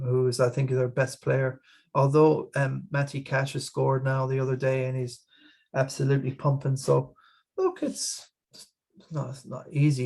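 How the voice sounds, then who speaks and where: A man's voice: medium pitch, vocal fry, a little mellow. A man with an Irish accent hosting a casual fantasy football chat, rambling along with frequent restarts and repeated words. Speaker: podcast host.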